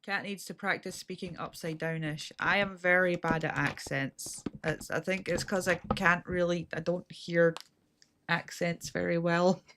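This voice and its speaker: Low-voiced woman in halting gaming chat. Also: steady tone, background noise. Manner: self-deprecating, halting, trails off. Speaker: streamer playing with friends.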